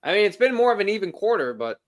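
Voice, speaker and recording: A man's voice: high voice, very animated, fast talker, no room sound. A man co-hosting a fan football stream, joking and teasing his co-hosts between plays. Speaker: co-host, color commentator. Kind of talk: livestream banter and commentary.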